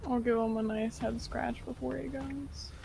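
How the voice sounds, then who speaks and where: Gravelly-voiced woman playing a tabletop game. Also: fairly high pitch, fairly even intonation, moderate pace, mellow. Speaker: player.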